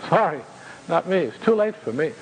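A frightened man in a hospital bed, raised and strained in pitch, words stumbling as he pleads, as a storyteller puts him on. He sounds hopeless and raw rather than angry. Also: very animated, moderate pace, in a large hall, slight background noise, poor audio. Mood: despairing. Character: shaken middle-aged man in a hospital bed, terrified and despairing.

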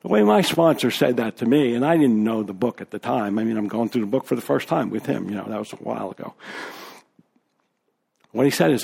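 A man's voice: medium pitch, animated, fairly quick, vocal fry, a little mellow, slightly rough. A man as a guest speaker, telling his personal recovery story to a group in a candid, conversational way with fillers and asides.

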